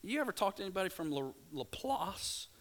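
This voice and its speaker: A man from Louisiana, preaching a sermon and swinging between hushed, slow passages and loud, excited bursts. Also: high-pitched. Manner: dynamic, swings from hushed to shouting. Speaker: pastor.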